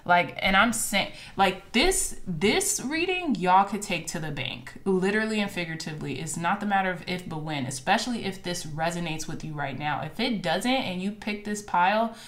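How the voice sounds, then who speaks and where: A woman's voice: fairly low pitch, animated, normal speed, few pauses, a bit bright. A woman giving a casual, encouraging tarot reading to her viewers, reading card affirmations aloud with chatty asides. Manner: chatty with fillers and asides like "child" and "okay". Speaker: tarot reader.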